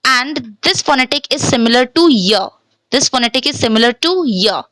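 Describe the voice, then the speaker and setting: A woman's voice: fairly high pitch, animated, moderate pace, a bit bright, no room sound, rough recording. A woman teaching a language lesson from slides, speaking patiently, repeating words and checking in with "okay?", and switching between English and Hindi.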